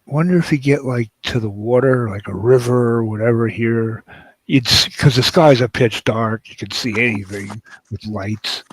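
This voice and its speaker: A laid-back man with a husky voice who mostly gives short replies. His voice is recorded dry, with no room sound. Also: mid-range voice, moderate pace, no echo, low-quality recording. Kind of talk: casual chat on a live panel.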